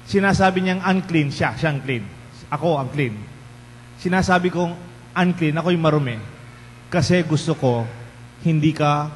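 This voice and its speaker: Filipino priest giving a chatty homily, kinda high voice, big echoey church. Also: male voice. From Philippines. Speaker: parish priest. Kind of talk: bilingual homily. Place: large church. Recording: long church reverb, faint hum.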